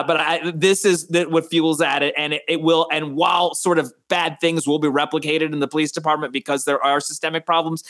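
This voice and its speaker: A man's voice: on the high side, fairly bright tone. A man from Westchester, a guest author, speaking casually and thoughtfully, hedging often with "sort of" and "right?". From Westchester, New York. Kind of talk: casual interview talk.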